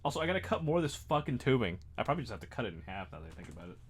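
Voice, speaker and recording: A man's voice: medium pitch, big pitch swings, rapid-fire, slight background noise. A man hosting a casual livestream while building a model kit. He rambles, mocks himself and laughs often.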